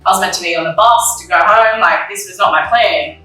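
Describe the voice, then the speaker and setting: In a personal conversation about grief, a young woman appears as an interview guest, speaking candidly and emotionally in a bright but fairly low-pitched voice at a brisk pace. She fills her speech with likes and ums and often acts out what she and others said back then. The mic is distant, the room very echoey, and faint music plays underneath.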